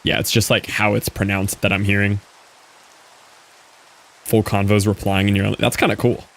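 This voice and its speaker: A man's voice: fairly low pitch, flat delivery, moderate pace, creaky. A man streaming a game, chatting casually with viewers and answering their messages as he plays. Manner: chatty, answers chat, thinks aloud. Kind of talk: casual live-stream chat while gaming.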